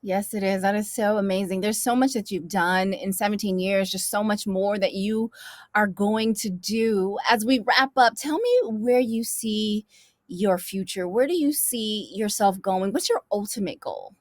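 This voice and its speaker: A woman's voice: mid-range voice, unhurried, no echo, studio quality. A woman interviewing a guest, asking questions in an enthusiastic, affirming way.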